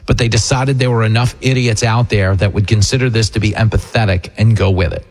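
A man hosting a talk show, ranting with sarcastic, animated, mocking political commentary. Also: on the low side, brisk. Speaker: radio host and comedian.

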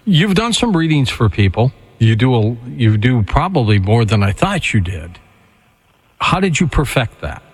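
A man hosts a radio call-in show, his voice moving lively up and down. He introduces callers and questions his guest briskly and amiably. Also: medium pitch, husky. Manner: brisk, friendly taking of callers. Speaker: radio host.

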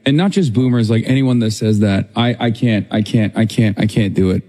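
A man's voice: on the low side, a little fast, few pauses, dark tone. A man ranting on a livestream in a sarcastic, exasperated, profane way. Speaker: streamer in a played clip. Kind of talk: casual livestream rant.

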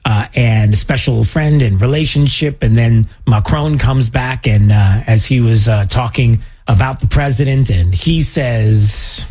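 Man, talk radio host, sarcastic, rambling, husky voice, faint music behind. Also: medium pitch, a little slow, hardly any pauses, a little mellow. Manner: chatty, sarcastic, many fillers, mocking quoted voices. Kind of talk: casual opinion talk radio.

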